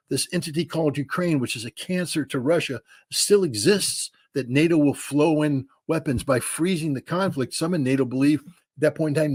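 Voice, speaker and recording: A man's voice: mid-range voice, no room sound, studio quality. A middle-aged man giving blunt, emphatic political commentary in a casual way, with frequent restarts and "you know" fillers.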